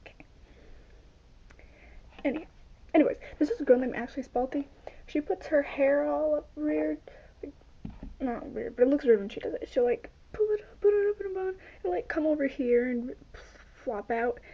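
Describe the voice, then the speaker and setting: A woman's voice: high voice, normal speed, long pauses. A young woman chatting in a rambling, self-mocking way while doing her hair and makeup for a phone video vlog. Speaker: vlogger. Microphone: phone camera. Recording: dull lo-fi phone recording.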